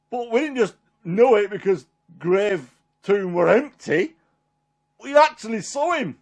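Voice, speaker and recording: A man plays Peter, a homely, warm-hearted fisherman, telling his story in a rambling, chuckling way. The voice sits a little high for a man and stays unpolished and everyday. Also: exaggerated voice. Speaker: performer in a one-man Bible drama. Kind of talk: dramatic character monologue.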